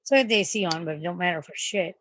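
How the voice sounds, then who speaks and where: A woman's voice: fairly low pitch, racing, a bit bright, a little hiss or hum. A woman chatting casually and rambling to her viewers from her bedroom, swearing freely and cooing at her pets. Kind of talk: casual livestream chat. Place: bedroom at home.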